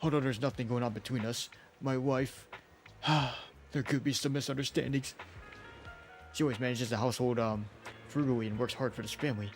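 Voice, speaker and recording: A man's voice: mid-range voice, steady tone, a little fast, faint music behind, lightly acted. A man voicing a fretful middle-aged husband who is anxiously pleading for help in a game story. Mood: flustered. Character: fretful middle-aged husband hiding a photo from his wife.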